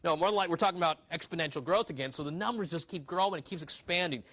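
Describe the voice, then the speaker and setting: A man's voice: on the high side, quick pace, a bit bright. Conversational man preaching from the pulpit. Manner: conversational Bible teaching with asides and rhetorical questions. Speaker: pastor. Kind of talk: sermon.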